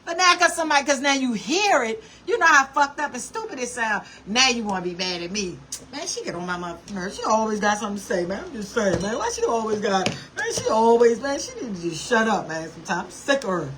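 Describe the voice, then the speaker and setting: Blunt, bright-voiced woman ranting. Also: on the high side, sing-song, brisk, few pauses, slight background noise. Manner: blunt, profane, scolding. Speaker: vlogger. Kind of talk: casual rant to camera.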